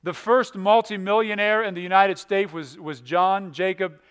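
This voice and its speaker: High-voiced, smooth-toned man preaching a sermon. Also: steady tone, moderate pace. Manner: dynamic, swings between loud emphatic and hushed delivery; often repeats words and restarts. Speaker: pastor.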